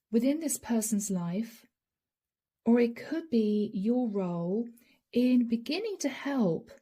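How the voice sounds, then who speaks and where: Tarot reader, woman, mellow husky voice, earnest and emotional, slips into whispers. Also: fairly high pitch. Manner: earnest, emotional, addresses viewers directly; drops to soft whispers. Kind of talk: channeled tarot reading.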